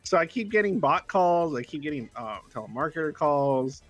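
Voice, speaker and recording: A young man on a casual livestream, ranting in a bright, forceful voice with constant swearing and exasperation. He talks a little higher than most men, piling one complaint on the next. Faint music plays behind him. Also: expressive, normal speed, lo-fi sound. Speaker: livestream co-host.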